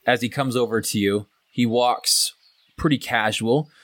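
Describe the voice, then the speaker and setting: A man's voice: medium pitch, a little slow, fairly bright tone, no echo. A man narrating as game master in a tabletop game, loose and casual with many fillers.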